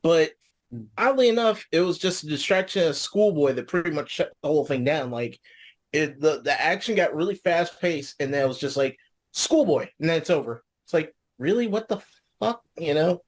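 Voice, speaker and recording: A man's voice: a little high, brisk, poor audio. Laid-back man chatting casually. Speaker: podcast co-host. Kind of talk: casual chat.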